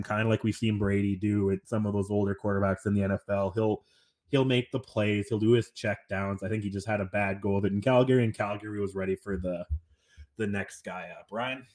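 Rambling man with a lowish voice. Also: a little mellow. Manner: rambling, self-deprecating, many "like" fillers. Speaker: podcast co-host. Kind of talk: casual sports roundtable chat.

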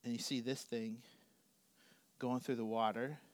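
A middle-aged male pastor preaching a sermon, animated, swinging between loud emphasis and quiet asides. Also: mid-range voice, unhurried, smooth, dry recording.

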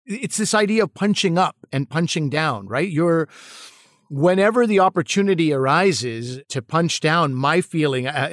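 A middle-aged man with a fairly high voice talks earnestly and with animation, circling back over his words as he thinks. The sound is dry and close, with no room behind him. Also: dry recording. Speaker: podcast co-host and actor-comedian. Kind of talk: casual discussion.

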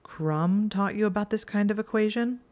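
A woman's voice: lowish voice, moderate pace, a little mellow. A woman voicing a snide, proud young male wizard in a fan fiction reading, with a dry drawl.

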